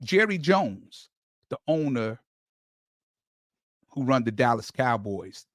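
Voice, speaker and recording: A man's voice: medium pitch, sing-song, takes it slowly, fairly bright tone, dry recording. Emphatic man ranting about his team, dry sound. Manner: emphatic storyteller, rising to heated emphasis; stammering restarts and repeated words. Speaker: sports channel host. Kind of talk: casual fan commentary monologue.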